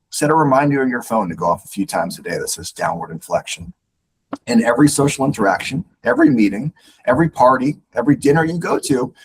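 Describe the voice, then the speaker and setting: Animated male leadership coach. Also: mid-range voice, a little hiss or hum, poor audio. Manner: animated, instructive, repeats words when starting sentences. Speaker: guest speaker on leadership. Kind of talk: podcast interview, coaching advice.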